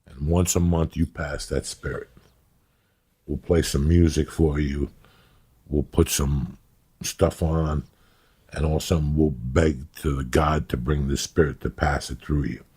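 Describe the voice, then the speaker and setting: A middle-aged man hosting a podcast, telling rambling, animated stories in casual chat. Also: rumbling low, measured pace. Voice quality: very raspy and gravelly. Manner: animated, rambling, acts out scenes. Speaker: podcast host.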